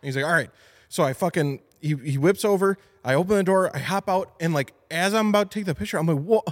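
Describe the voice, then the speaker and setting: A male podcast host in a car shop, his voice sitting a little high. He tells stories with a lot of energy, swearing freely and loudly acting out what other people said. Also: fast talker. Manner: animated storyteller, swears, acts out quotes loudly. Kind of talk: casual podcast chat.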